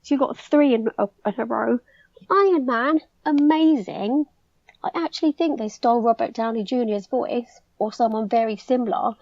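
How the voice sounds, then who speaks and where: An English woman in her twenties or so, chatting eagerly as a podcast guest with plenty of filler words. Her voice sits a touch high with a gravelly fry. The sound is dry and a little dull. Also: normal speed, no echo. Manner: chatty, fillers like "like", excited storytelling. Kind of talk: casual chat.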